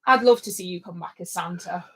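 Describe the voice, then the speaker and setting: A woman's voice: on the low side, a little fast, fairly bright tone, slightly rough. A woman co-hosting a livestream in casual, rambling chat. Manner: chatty and rambling. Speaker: livestream co-host.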